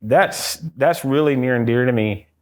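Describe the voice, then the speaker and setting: A man's voice: medium pitch, moderate pace. Middle-aged american dude telling ghost stories, goes way up when he does other voices. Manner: acts out quotes in a raised excited voice. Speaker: ghost hunter guest. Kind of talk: animated storytelling interview.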